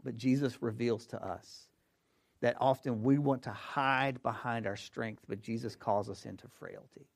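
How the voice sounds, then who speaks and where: A man preaching a sermon as pastor, emphatic, repeating key phrases and swinging between hushed and loud delivery. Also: mid-range voice, a little slow, gravelly.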